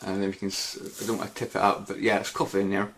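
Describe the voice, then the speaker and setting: A man's voice: sits low, little pitch movement, fast talker. A man hosting a casual Q&A vlog, rambling and hesitant with many fillers and restarts. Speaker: YouTube gaming channel host.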